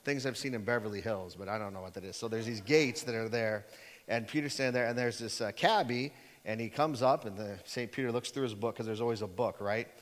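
A pastor with a lowish voice preaches a sermon, including a joke, at a fairly quick pace, with long hall reverb on the recording. His style is conversational and story-driven, and he acts out the people in his stories.

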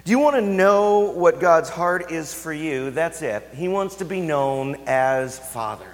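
A man preaching a sermon as a pastor, telling a family story and dropping to hushed, intimate tones for emphasis. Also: on the high side, animated, measured pace. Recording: long hall reverb.

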